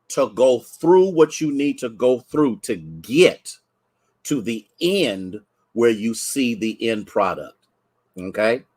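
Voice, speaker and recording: A man from Ohio preaching a midday Bible study to viewers online, in an even, mid-pitched voice. He talks in a loose, conversational way, greeting people by name and circling back over his own phrases. At times he is close to tears. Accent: Ohio, Midwestern American. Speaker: pastor. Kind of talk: livestreamed noon Bible study sermon.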